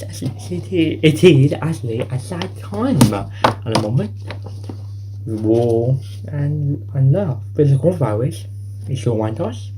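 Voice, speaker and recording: A man's voice: medium pitch, noisy background. A man hosting a homemade news show, reading the news in an improvised way that rambles, repeats itself and keeps restarting phrases. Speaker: home news show host.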